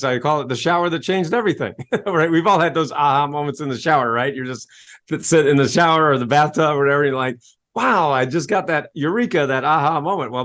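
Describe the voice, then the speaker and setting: A man's voice: mid-range voice, fairly bright tone. Salesy self-help coach, man. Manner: salesy, spells words out, acts out quotes. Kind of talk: enthusiastic storytelling interview talk.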